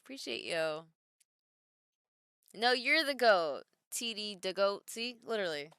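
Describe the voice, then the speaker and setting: Chatty woman streamer, bright clear voice. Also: medium pitch, big pitch swings, a little slow, no room sound, studio quality. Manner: chatty, reads viewer comments aloud and answers them. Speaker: streamer and wrestler. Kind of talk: casual live-stream chat.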